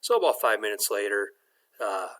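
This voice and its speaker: A man telling a long dad joke in a relaxed, casual way, with frequent "uh" fillers. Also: fairly low pitch, normal speed. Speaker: joke teller.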